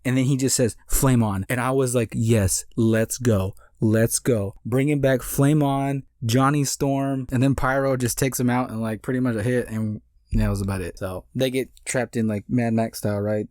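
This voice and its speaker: A man's voice: mid-range voice, darkish tone, dry recording, clean studio sound. A young man giving a loose, rambling casual recap of a movie, full of fillers and restarts. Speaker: movie reviewer.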